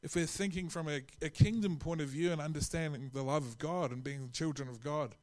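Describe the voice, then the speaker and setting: Male preacher, slightly high voice, casual sermon delivery. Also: a little fast, a little mellow. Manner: conversational, with frequent restarts and acted-out quotes.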